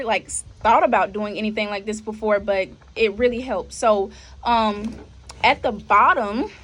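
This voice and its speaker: A young woman hosting a podcast, telling her faith testimony in a casual, conversational way and often addressing listeners as y'all. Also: fairly high pitch. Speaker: podcast host.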